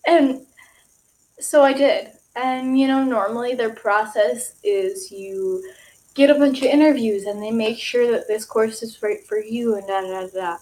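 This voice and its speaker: Young woman vlogger, rambly and excitable, filler-heavy, slightly high voice. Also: a little slow, rough recording. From Michigan. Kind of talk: casual vlog monologue.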